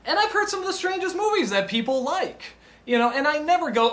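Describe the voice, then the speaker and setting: A man reviewing films in an impassioned unscripted rant. He is excitable, stammers and restarts, and swings between shouted outbursts and low mutters. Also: a little fast, a little hiss or hum. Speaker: film reviewer.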